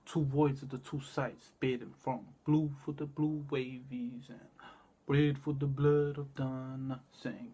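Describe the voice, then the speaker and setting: Husky guy rambling on and on, choppy repeating bits, goes quiet then loud. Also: medium pitch, flat delivery, slow pace. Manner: disjointed, repetitive, wandering from loud to quiet. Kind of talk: rambling spoken monologue.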